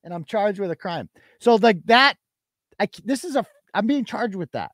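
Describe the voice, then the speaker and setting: A male podcast host delivers indignant live commentary in a high, highly animated voice. He stresses his points with mounting disbelief. The recording is close and dry. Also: moderate pace, no echo. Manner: indignant, emphatic, incredulous.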